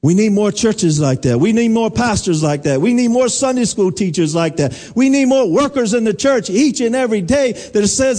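Middle-aged male pastor; high, mellow voice; full sermon delivery with call-and-response. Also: expressive, moderate pace, hardly any pauses. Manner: preaching with call-and-response questions.

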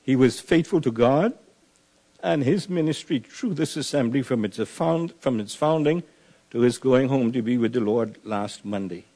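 A man gives a funeral eulogy at a middle pitch. His voice is dark and mellow. He speaks in a measured, solemn way and presses hard on the key lines like a preacher.

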